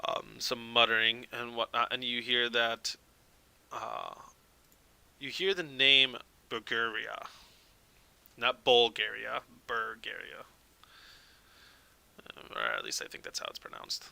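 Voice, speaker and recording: A man's voice: medium pitch, sing-song, a little slow, vocal fry, sharp tone, smooth, poor audio. A man narrating as dungeon master in a tabletop game, casual with lots of filler words and laughs, on a close mic.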